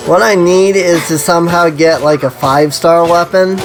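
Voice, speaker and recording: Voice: medium pitch, steady tone, normal speed, poor audio. A game streamer giving casual live-stream commentary, rambling with lots of "like" and an irritated, coughing throat. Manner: rambling, heavy use of "like". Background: game music.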